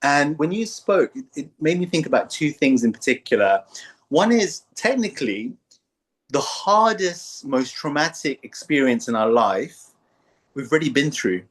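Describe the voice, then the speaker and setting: A slightly higher-voiced man hosts a relaxed philosophical conversation. He talks in a playful, storytelling way and slips into little character voices. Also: normal speed. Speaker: podcast host. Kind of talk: casual philosophical chat.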